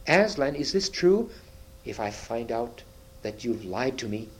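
A man's voice: medium pitch, level tone, a little slow, close to an everyday voice. Man voicing a cold imperious witch queen, harsh and commanding. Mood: menacing. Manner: harsh commanding, sharp outbursts.

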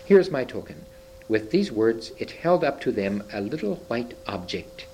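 Man reading a kids story out loud, animated voice, trips on a word sometimes. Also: medium pitch, moderate pace, slight background noise, low-quality recording. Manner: expressive with occasional slips and restarts. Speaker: reader. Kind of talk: reading a children's story aloud.

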